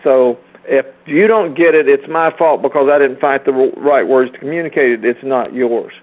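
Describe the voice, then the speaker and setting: A man's voice: mid-range voice, moderate pace. Sixties man, earnest teacher on a group call, emphatic repeater, heard through a thin phone line. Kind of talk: informal teaching talk.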